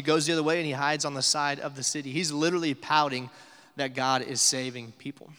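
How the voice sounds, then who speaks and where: A man's voice: medium pitch, a bit bright. Conversational male pastor in a reverberant hall. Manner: conversational, emphatic, rising to intense stress. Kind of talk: sermon.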